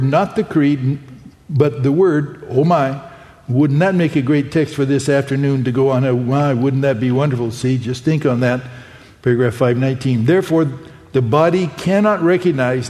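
A man's voice: fairly high pitch, dark tone. A man preaching a sermon. He reads quoted passages from a printed message aloud and breaks in with exclamations of his own. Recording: long hall reverb.

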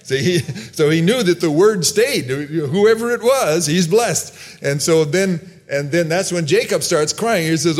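Speaking a little slowly in a fairly high-pitched voice, a man delivers a sermon. He reads verses from the Bible aloud, briefly performs characters' lines, and offers loose explanations with restarts.

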